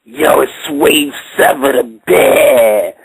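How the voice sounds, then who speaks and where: A man prank-calling a talk show, putting on a slow, mumbling impression of a male rapper. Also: medium pitch, creaky, breathy edge, no room sound, full character voice, rough recording. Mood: mocking. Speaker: prank caller.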